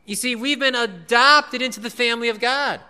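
High, bright-voiced male preacher. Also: normal speed, clear, resonant tone. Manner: earnest, repeats key phrases for emphasis. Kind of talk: sermon.

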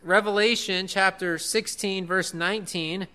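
A man's voice: high voice, steady tone, unhurried, bright, forceful tone, clear, resonant tone. A man preaching a sermon in an earnest way, repeating key phrases for emphasis.

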